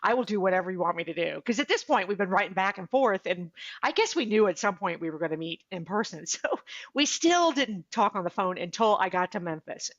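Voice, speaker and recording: Animated woman telling her story, dull sound. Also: medium pitch, fairly quick, no echo. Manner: animated, acts out quoted dialogue. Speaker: podcast guest, author and speaker. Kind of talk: casual interview storytelling.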